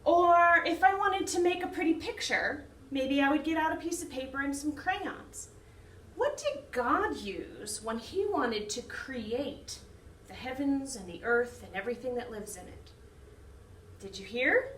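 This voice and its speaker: A woman who directs a children's choir, teaching young children a lesson slowly in a sing-song way. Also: sits high, animated, a little hiss or hum. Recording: echoey room, mic some distance off.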